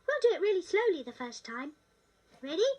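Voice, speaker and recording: A woman's voice: very high-pitched, very animated, brisk, darkish tone, distant mic, low-quality recording. A woman voicing a cheerful little-girl talking doll with a British accent, narrating a children's storybook in a sweet, sing-song way.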